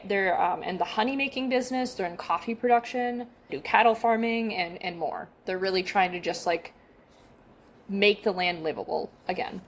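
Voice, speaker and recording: Young adult woman, casual podcast co-host; conversational, self-deprecating read. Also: medium pitch. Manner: chatty, self-deprecating, stumbles over names. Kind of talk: casual chat, reading from notes.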